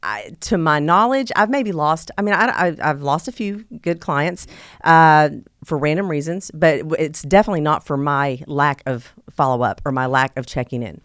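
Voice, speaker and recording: A woman on a podcast as a real estate agent guest, chatty and animated, with many fillers and restarts. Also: low-pitched, normal speed, no room sound, studio quality. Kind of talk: casual podcast chat.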